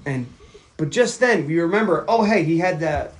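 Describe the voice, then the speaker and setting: A man's voice: on the high side, moderate pace. A man co-hosting a casual podcast, walking through a movie scene by scene. He swears freely and jumps into the characters' lines as he goes. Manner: profane, animated retelling with acted-out quotes. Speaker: podcast co-host. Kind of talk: casual movie recap chat.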